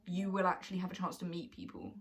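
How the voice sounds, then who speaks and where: A woman's voice: fairly low pitch, fast talker. A young woman hosting a casual vlog, telling a story with laughter and acting out what people said. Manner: animated, laughing storyteller who acts out quotes. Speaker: vlogger host.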